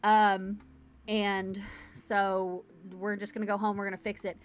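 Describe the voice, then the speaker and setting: A woman hosts a casual livestream from home, chatting to her camera in a bubbly, rambling way. Her mid-range voice has a flat delivery and moves a little slowly.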